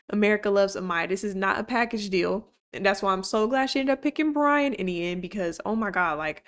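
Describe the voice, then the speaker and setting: Young woman, casual vlog commentary, animated and chatty, quick to laugh and curse. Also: medium pitch. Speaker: YouTuber recapping a reality show.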